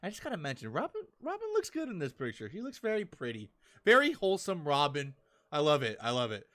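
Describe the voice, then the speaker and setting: Young male podcast host, bright tone, chatty and animated, reads out characters' lines. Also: a little high, fast. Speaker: podcast host reviewing manga chapters. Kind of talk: casual chat.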